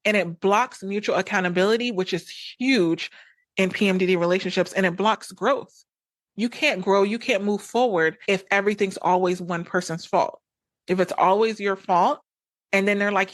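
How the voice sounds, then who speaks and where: A woman's voice: medium pitch, moderate pace, dry recording. A woman hosting an advice podcast, talking frankly and conversationally, repeating phrases for emphasis. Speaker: podcast host and coach. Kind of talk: casual advice monologue.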